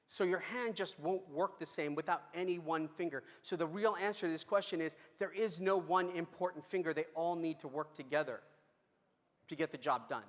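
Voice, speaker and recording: Speaking at normal speed with a fairly high voice, a middle-aged man delivers a conference talk in a big hall with lots of reverb. His storytelling is conversational, dotted with fillers and restarts.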